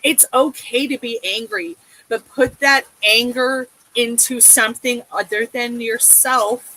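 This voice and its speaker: Tarot reader lady, high bright voice, sweary and soothing, keeps saying okay. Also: measured pace, a little hiss or hum, rough recording. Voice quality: emotive, sweary, reassuring. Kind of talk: casual tarot reading.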